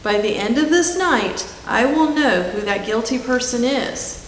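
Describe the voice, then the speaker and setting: A woman's voice: on the high side, animated, unhurried, pitched above the performer's own voice. A woman voicing a pompous, self-assured male vegetable detective with grand, theatrical speech. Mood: self-important. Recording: echoey hall with faint hiss.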